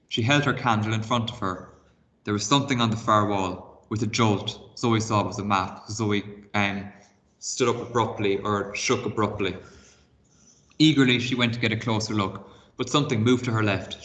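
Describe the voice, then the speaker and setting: Male teacher, story read-aloud for children, lowish voice, bright clear tone, explains as he goes. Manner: expressive read-aloud, pausing to explain words and give reading tasks. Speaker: primary school teacher. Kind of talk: reading a novel aloud for a class video lesson.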